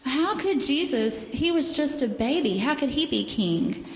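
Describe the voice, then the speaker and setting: A woman gently reading a picture book aloud to children in church, pausing to ask them questions. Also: high-pitched, animated, a little hiss or hum. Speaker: children's story leader. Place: church sanctuary. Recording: echoey hall with faint ambience.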